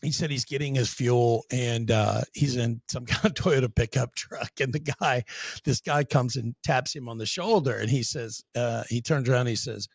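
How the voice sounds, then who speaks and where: A man's voice: mid-range voice, normal speed, breathy edge, no room sound. A man hosting a casual podcast, telling stories in a chatty way and laughing often. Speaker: podcast host.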